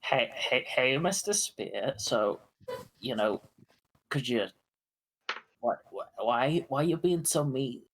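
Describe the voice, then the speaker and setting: Player voice: playful, giggly, stammers and repeats, mid pitch. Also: animated, takes it slowly, long pauses, husky. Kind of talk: casual tabletop play.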